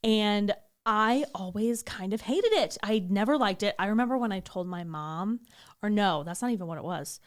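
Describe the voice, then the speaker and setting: A young woman chats casually as a podcast co-host, telling a story with a lively, swooping voice. She acts out what others said and swears freely as she goes. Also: mid-range voice, normal speed. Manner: animated storytelling, acting out quotes, swearing. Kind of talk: casual chat.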